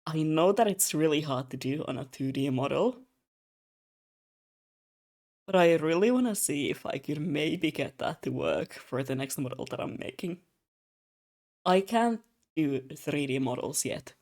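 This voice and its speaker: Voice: medium pitch, a little slow, long pauses. A young adult streamer chatting casually while drawing, telling rambling stories with lots of asides and frequent laughter. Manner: animated storyteller, laughs often; rambling, many fillers and asides.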